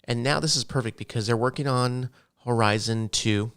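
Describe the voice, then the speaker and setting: A man's voice: medium pitch, moderate pace, clean tone. A middle-aged man co-hosting a gaming podcast in casual, rambling chat. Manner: rambling, relaxed, self-correcting. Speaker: podcast co-host.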